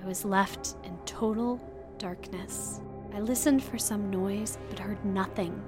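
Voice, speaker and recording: A woman reads a first-person novel as an audiobook, her delivery measured and dramatic. Her voice sits at an ordinary pitch for a woman. Soft music plays faintly in the background. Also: steady tone. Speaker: audiobook narrator.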